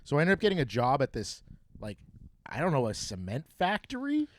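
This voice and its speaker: A man's voice: a little high, huge pitch swings, fairly quick. Laid-back man telling a story on a podcast. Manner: laid-back, swearing, self-mocking storyteller. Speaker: podcast co-host. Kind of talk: casual storytelling chat. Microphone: studio mic.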